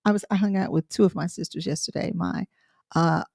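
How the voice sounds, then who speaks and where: A woman's voice: lowish voice, fairly even intonation, fairly quick, gravelly, a little mellow, breathy edge, no echo, studio quality. A middle-aged woman co-hosting a livestream, chatting casually with many fillers and restarts. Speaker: co-host.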